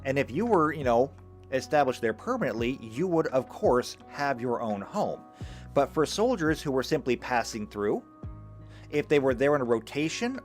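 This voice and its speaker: A man giving a live lecture, talking emphatically and stumbling over a few restarts. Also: medium pitch. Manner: animated, emphatic, with occasional stammered restarts. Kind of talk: live lecture reading chat comments.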